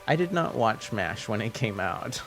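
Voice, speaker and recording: A young man with a French Canadian accent, chatting casually with his stream viewers, hesitant and soft-spoken with many restarts, faint music behind. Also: on the low side, very animated, moderate pace. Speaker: livestream host. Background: faint background music.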